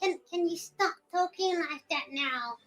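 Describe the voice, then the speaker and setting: A woman voicing a grumpy little girl puppet with yellow hair, sulky, bossy and contrary, on a children's puppet show. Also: extremely high pitch, measured pace, faint music behind. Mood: exasperated.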